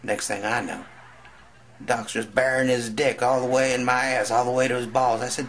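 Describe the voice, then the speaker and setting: A man's voice: mid-range voice, steady tone, moderate pace, a bit bright, a little hiss or hum. A man telling a crude stand-up story in a drawling country manner, acting out other voices. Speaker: comedian.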